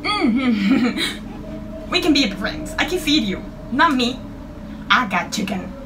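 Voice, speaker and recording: A woman's voice: high-pitched, big pitch swings, moderate pace. Jittery young woman reacting, distant mic. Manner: nervous, swearing, talking to viewers. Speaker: gaming vlogger. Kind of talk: casual reaction commentary. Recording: distant from the mic, with clear background noise.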